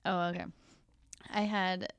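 A woman's voice: on the low side, little pitch movement, unhurried, vocal fry, clean tone, no echo. A woman hosting a podcast, chatting candidly and laughing often as she acts out quotes. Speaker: podcast host. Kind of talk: casual chat.

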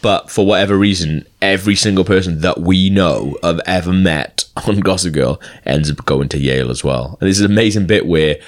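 A man's voice: low-pitched, a little fast, few pauses. A man hosting a casual podcast, telling things in a jokey, sweary way. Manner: sweary, jokey, lively storytelling. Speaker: podcast host. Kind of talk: casual chat.

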